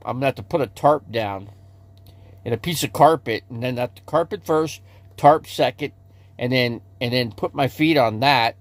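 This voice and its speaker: A medium-pitched man talks with viewers on a casual livestream recorded inside his RV, with no room sound. His speech is rambling, full of restarts and repeated words.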